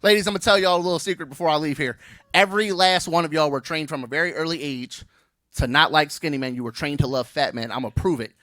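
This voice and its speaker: A man's voice: on the high side, fast talker, sharp tone, no echo, studio quality. A man in his thirties doing a brash, playful stand-up comedy set on stage, teasing the crowd.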